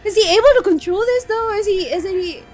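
A woman hosting an anime reaction video, exclaiming and shouting emotionally as she watches. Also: very high-pitched, fairly quick, faint music behind. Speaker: anime reaction channel host. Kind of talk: live reaction to an anime episode.

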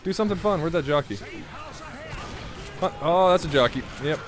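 A man's voice: on the high side, moderate pace, faint music behind. A young man giving casual, rambling commentary over his own gameplay, joking and talking to himself as he plays. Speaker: gaming YouTuber.

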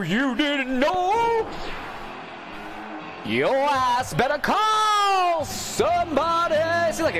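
A man giving excitable, cursing commentary while playing a video game, his voice going hoarse. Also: medium pitch. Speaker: gaming channel host. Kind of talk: casual gameplay commentary. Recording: game music loud behind voice. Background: video game music.

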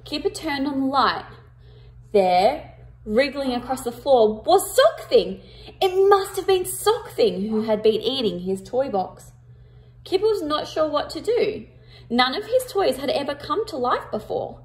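A woman reading a picture book aloud to children, with expressive emphasis, and pausing to ask her listeners questions. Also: sits high. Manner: interactive, asks the listeners questions.

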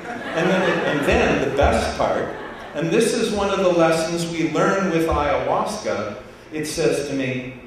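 A man telling a story to a live audience, animated and laughing as he goes. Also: a little high, a little slow. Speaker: speaker. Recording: echoey hall, distant mic, noisy.

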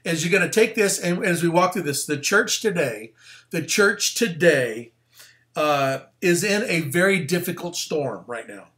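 A man, the pastor, giving a casual, animated sermon full of slang and asides. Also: a little high, unhurried.

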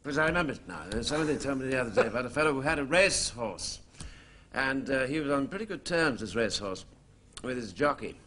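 A man telling a joke on a chat show in a posh, animated storytelling manner. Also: mid-range voice, fast talker. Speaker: talk show guest. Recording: noisy archive TV with loud audience.

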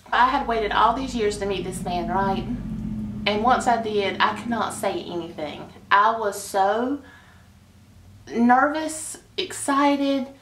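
A woman with a voice on the high side tells a casual story in a chatty, gushing way, sighing and laughing along. The recording has room echo and a little hiss or hum.

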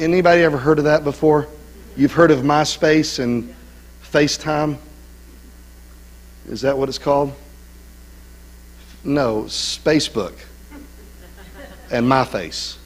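Animated middle-aged male pastor preaching. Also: a little high, low-quality recording. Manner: animated preaching with call-and-response asides. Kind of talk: sermon. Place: church sanctuary.

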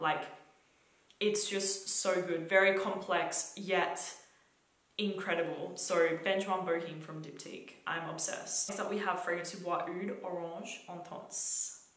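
A young Australian woman gushes about the scents she loves, piling up fillers and repeating words for emphasis. Her voice sits on the low side for a woman. The room around her rings with plenty of echo. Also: fairly bright tone. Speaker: fragrance reviewer. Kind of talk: enthusiastic product review vlog. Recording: echoey room.

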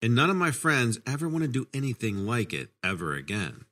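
A man's voice: mid-range voice, very animated, fairly quick. A man narrating first-person horror stories in a casual, conversational storytelling manner.

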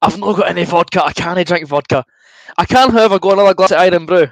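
High-voiced Scottish man reading chat. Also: fast, no room sound, rough recording. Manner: chatty and good-humoured, reads out comments and answers them. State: queasy from drinking fizzy juice. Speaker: livestream host. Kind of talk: casual watchalong chat, reading viewer comments.

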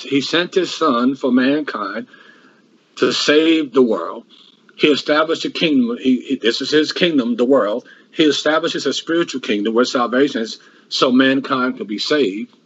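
A man's voice: medium pitch, measured pace, a bit bright, husky, highs cut off. A man preaching a sermon that works through a Bible passage verse by verse, with frequent restarts and rhetorical questions.

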